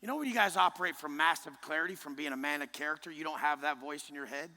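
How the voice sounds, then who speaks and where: A man giving a motivational speech to a live group. He talks in a blunt, intense, heavily profane way and often pushes up to a shout. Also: fairly high pitch, fast talker. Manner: forceful, often rising to a shout. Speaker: motivational speaker. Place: large indoor event room. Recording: live hall speech with long reverb.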